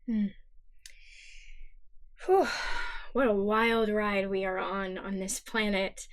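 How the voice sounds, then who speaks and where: A woman's voice: medium pitch, steady tone, slow pace. A woman in her thirties co-hosting a spiritual podcast, speaking in an earnest, emotional and reflective way. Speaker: podcast co-host. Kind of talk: heartfelt spiritual podcast talk.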